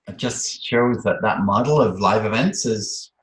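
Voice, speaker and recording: A man chatting casually on a call, speaking in a measured, soft-spoken way. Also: on the low side. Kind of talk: casual chat. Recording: roomy call audio.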